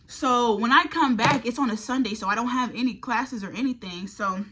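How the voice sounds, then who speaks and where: A woman's voice: fairly high pitch, normal speed, hardly any pauses, fairly bright tone, a little hiss or hum. A young woman vlogger telling a college storytime in a casual, profane, exasperated way. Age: young adult. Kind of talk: storytime vlog.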